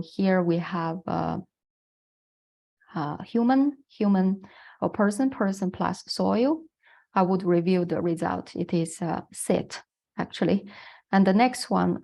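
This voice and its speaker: Chinese-accented woman lecturing, low voice. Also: creaky, a little mellow. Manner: patient, explanatory, halting with fillers. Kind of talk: online lecture on Chinese language.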